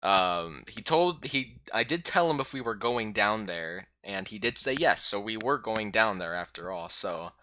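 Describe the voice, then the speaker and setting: Man, bright crisp voice, dry close sound, excitable rambling game recap. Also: fairly low pitch, a little slow, few pauses, dry recording. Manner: rambling, excitable, many fillers. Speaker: YouTuber. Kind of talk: casual game recap voice-over.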